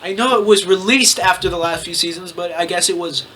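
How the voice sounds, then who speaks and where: A man's voice: high-pitched, background noise. A young man reading a fan story aloud and chatting, laughing easily as he goes. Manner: giggly, quick to laugh. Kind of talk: comedic reading with banter.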